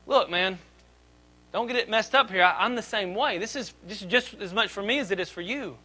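A man in his thirties preaching a sermon as pastor, swinging between loud emphatic lines and quiet asides. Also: very high voice, lively intonation, normal speed, low-quality recording.

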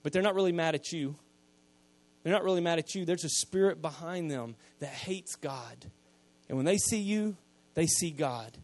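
A man, preaching a sermon, retelling scripture in casual everyday speech and swinging from quiet asides to loud emphasis. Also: fairly high pitch, normal speed. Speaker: pastor.

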